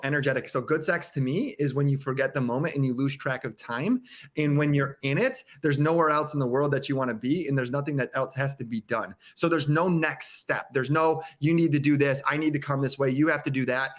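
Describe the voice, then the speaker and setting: Earnest man sharing candidly, halting. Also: medium pitch, a bit bright. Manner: earnest, halting, many restarts, acts out quotes. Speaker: podcast guest.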